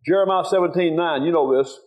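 A man's voice: on the high side, a little fast, darkish tone. An older pastor, preaching a folksy, earnest sermon in a church and rising sharply when he reads scripture. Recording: tinny phone-like sound.

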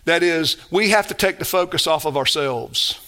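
Bright-voiced man preaching a sermon. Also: fairly high pitch, normal speed. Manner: emphatic, swings from loud exhortation to quiet storytelling. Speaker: pastor.

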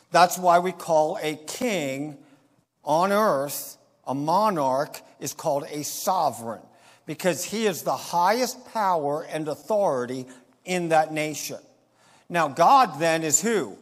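Preaching man in a reverberant hall. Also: on the high side. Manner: emphatic preaching, slows down and rises on key phrases. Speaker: pastor. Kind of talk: sermon.

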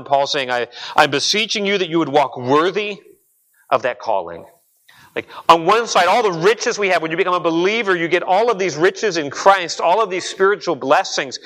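A man's voice: on the high side, bright, forceful tone, big-room sound, rough recording. A young adult man preaching a sermon as pastor, conversational and earnest, often repeating words as he builds a point. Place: church sanctuary.

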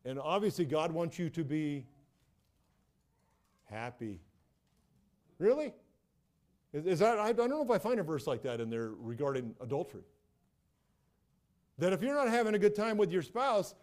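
A man's voice: fairly high pitch, very animated, moderate pace, long pauses, a little mellow. A middle-aged man preaching a sermon as a pastor, emphatic and repetitive, often restarting his phrases.

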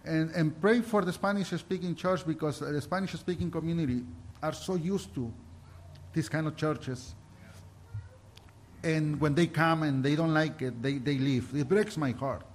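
An adult man with a somewhat high-pitched voice gives a heartfelt sermon that mixes Bible reading with personal testimony. He reads scripture aloud and shares his own experience earnestly but haltingly, often stopping to restart a thought.

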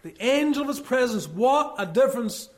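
A man with a notably high-pitched voice preaches a sermon. He reads scripture in old-fashioned wording and slows down to stress its key phrases. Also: animated. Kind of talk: expository sermon.

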